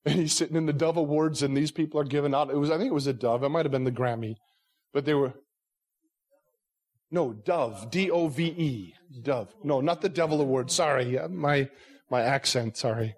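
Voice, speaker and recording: A man's voice: on the high side, fairly quick. A male pastor delivering a sermon, earnest and conversational, pressing his listeners with rhetorical questions. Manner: conversational asides.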